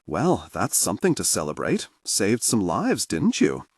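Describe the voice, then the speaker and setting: A man's voice: fairly low pitch, huge pitch swings, unhurried, husky, dry recording, exaggerated voice. A man voicing a blunt, dry-witted young woman in an audiobook. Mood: teasing.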